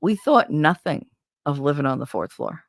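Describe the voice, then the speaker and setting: Lively New York woman, low voice. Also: normal speed, gravelly, dry recording, clean studio sound. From Brooklyn, New York. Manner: animated, profane, acts out neighborhood voices. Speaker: show host. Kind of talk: casual storytelling chat.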